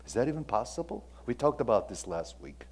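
Pastor preaching with dramatic loud-soft swings. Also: male voice, mid-range voice, brisk, husky. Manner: animated, swings between loud emphasis and quiet asides; asks the audience questions, frequent "okay?". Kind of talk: sermon.

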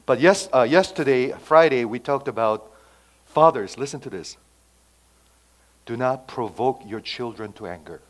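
A man's voice: mid-range voice, animated, measured pace. Male pastor, sermon, dramatic dynamic swings, conversational. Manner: emphatic, swings from loud to hushed.

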